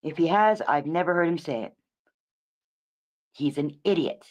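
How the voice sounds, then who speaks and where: A woman's voice: sits low, expressive, measured pace, a little mellow. A woman hosting a livestream, rambling and swearing through a casual rant, often restarting her words and swinging between emphatic lines and muttered asides. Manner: profane, rambling, self-correcting. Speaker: livestream host. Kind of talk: casual ranting commentary.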